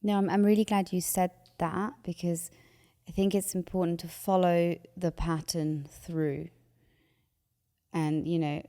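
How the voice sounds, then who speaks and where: In a large hall, a woman with a lowish voice offers emotional advice in conversation. She's animated, acting out anxious inner voices as she talks.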